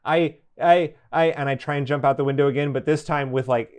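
Excitable man playing a tabletop game. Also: on the high side. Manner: excitable, talks fast when panicking. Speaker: player. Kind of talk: tabletop role-play.

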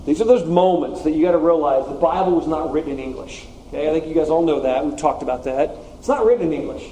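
A male pastor delivering a casual, conversational sermon in a mellow, slightly high voice. He keeps it animated with slangy asides. A faint hiss sits behind him. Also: fast talker, poor audio.

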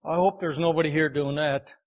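A man preaching a sermon, telling a folksy farm story in an unhurried, homespun way. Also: fairly high pitch, fairly even intonation.

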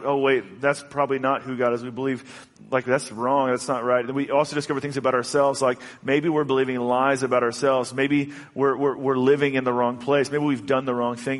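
A man delivers a heartfelt sermon in a church hall, earnest and halting, stumbling over restarts as he speaks. His voice sits in a middle register and rings with a long reverb that fills the hall. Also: mid-range voice. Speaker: pastor.

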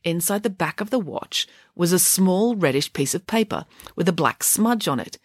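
A woman reading a children's novel aloud with lively expression. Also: normal speed, no room sound, studio quality. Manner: lively, voices dialogue with big pitch swings. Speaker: audiobook reader.

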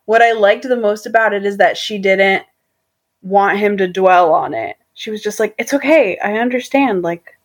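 A woman's voice: mid-range voice, fairly even intonation, normal speed. Chatty laughing woman podcast co-host. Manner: chatty, laughs often, says like a lot. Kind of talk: casual chat.

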